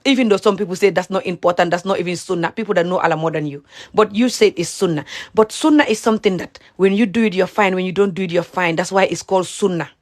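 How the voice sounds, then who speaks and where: A woman's voice: lowish voice, quick pace. A woman in an impassioned vlog rant, emphatic and repetitive, switching between English and Mandinka. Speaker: social media commentator.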